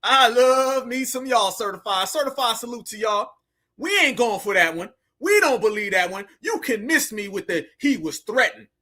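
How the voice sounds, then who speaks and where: A man's voice: very high voice, lively intonation, moderate pace, pushed and bright. A man hosting heated social commentary, fiery and preachy with lots of slang. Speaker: commentator host.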